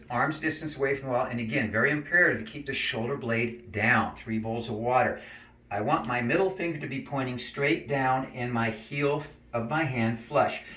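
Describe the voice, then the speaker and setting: A man teaching neck and shoulder stretches, giving calm step-by-step cues and slow breathing counts. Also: mid-range voice, distant mic. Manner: calm, cueing slow breathing and gentle moves. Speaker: stretching instructor. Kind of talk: exercise demonstration. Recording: roomy, from off mic.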